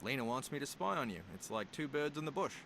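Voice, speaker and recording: An actor playing an odd, literal-minded young man in a video game, speaking deadpan and taking expressions at face value. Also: mid-range voice, fast, a little hiss or hum.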